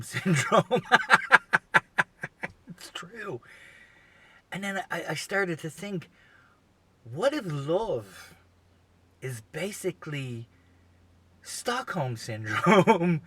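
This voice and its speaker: This podcast host has a slightly rough voice on the higher side. He spins out a lengthy funny story in a rambling, profane way, filled with "you know" asides.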